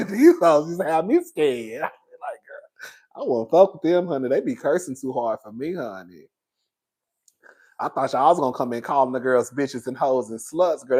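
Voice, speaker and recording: A man doing animated, profane reality-TV gossip commentary, sassy, laughing often and shouting out loud impressions, a little tipsy. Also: high-pitched. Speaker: commentary host.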